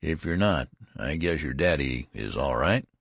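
A man's voice: rumbling low, expressive, unhurried, vocal fry, a bit bright, breathy edge, no echo, clean studio sound, heavily acted. A man voicing a casual male shop clerk who teases his customer. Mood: teasing.

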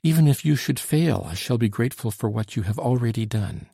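A man's voice: mid-range voice, expressive, fairly quick, vocal fry, dark tone, slightly rough, no echo, clean studio sound. A man reading an audiobook, voicing an earnest, anxious young woman with a pleading manner. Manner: pleading, emotional.

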